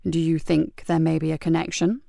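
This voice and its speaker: A woman voicing a weary, steady male police sergeant who talks low and measured. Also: creaky, no room sound, studio quality. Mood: calm.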